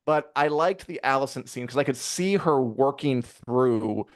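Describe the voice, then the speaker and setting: A man co-hosting a live review show in casual chat, rambling and animated, with many fillers and acted-out quotes. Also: medium pitch, measured pace, no room sound, clean studio sound. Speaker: podcast co-host reviewing a TV episode.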